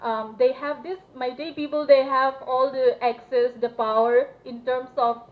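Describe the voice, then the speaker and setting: Young woman from Manipur, student speaker, higher voice, hesitant and earnest; tinny phone-quality audio. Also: steady tone, unhurried. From Manipur, India. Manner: hesitant, earnest, many fillers. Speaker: student representative speaking at a solidarity event. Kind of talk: public speech. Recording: tinny phone-like live stream with faint noise.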